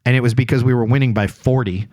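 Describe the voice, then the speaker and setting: Ohio guy in his 40s hosting a podcast, lively storyteller, dry close mic. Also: mid-range voice, fast talker, dry recording. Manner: animated storyteller, laughs often. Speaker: podcast host. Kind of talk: casual chat. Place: podcast studio.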